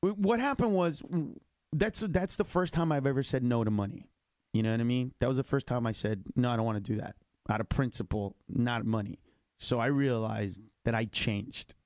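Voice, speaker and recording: A middle-aged male comedian telling stories in an animated way, jumping into voices with big swings in pitch. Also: normal speed, no echo, clean studio sound. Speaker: comedian guest. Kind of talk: comedic storytelling.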